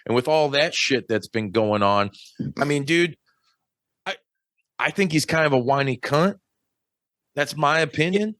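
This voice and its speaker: A man hosting a podcast in casual chat, swearing freely and rambling in a high-strung way. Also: unhurried, long pauses, fairly bright tone, no room sound. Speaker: podcast host.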